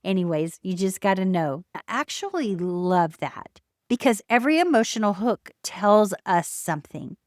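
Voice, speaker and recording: A woman hosting her own podcast, talking in a calm, measured way with emphatic pauses. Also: medium pitch, no room sound, clean studio sound. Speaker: podcast host. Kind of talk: reflective solo podcast talk.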